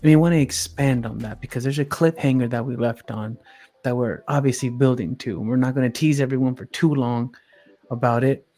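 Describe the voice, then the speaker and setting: A man's voice: mid-range voice, fairly even intonation, a little fast, dark tone, faint music behind. A man hosting a podcast in casual chat, earnest and repeating words for emphasis. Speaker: podcast host.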